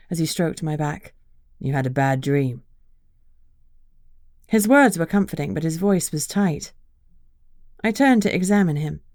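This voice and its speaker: A woman narrating a first-person fantasy audiobook in an even, measured storytelling manner. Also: fairly low pitch, no room sound, clean studio sound.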